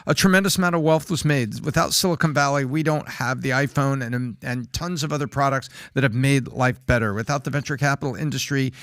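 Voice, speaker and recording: A man's voice: medium pitch, a bit bright, dry recording, clean studio sound. A man co-hosting a casual podcast, speaking earnestly and using sports metaphors. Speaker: podcast co-host.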